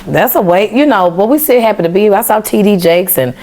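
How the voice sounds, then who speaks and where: A young woman from the US South, a singer guest telling a story in a chatty, animated way. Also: mid-range voice, a little fast. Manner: animated, chatty, mimics voices while telling stories. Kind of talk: casual storytelling.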